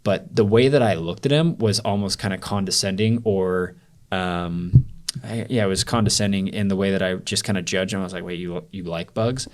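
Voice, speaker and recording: A young man with a deep voice talks briskly as a podcast guest, telling a personal story. His telling is loose and rambling, packed with "like" as a filler, in the style of a casual interview.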